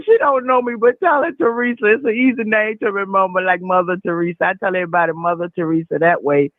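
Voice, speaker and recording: A woman's voice: on the high side, fast, hardly any pauses, no echo. Effusive woman in her sixties on a tinny phone line. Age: 60s. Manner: effusive, laughs often, folksy. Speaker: caller. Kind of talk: casual call-in chat.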